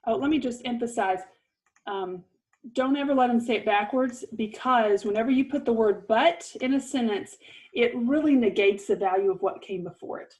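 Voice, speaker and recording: A woman's voice: fairly high pitch, normal speed, darkish tone, rough recording. A middle-aged woman giving an earnest, encouraging parenting lesson, with light laughs. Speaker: parenting course presenter.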